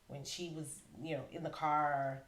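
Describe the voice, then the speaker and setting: A woman podcast host asks questions in a halting way, stumbling and restarting before she settles on her point. Her voice is somewhat low. The room around her is echoey. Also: steady tone. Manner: halting, stammered restarts while framing questions. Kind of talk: interview conversation.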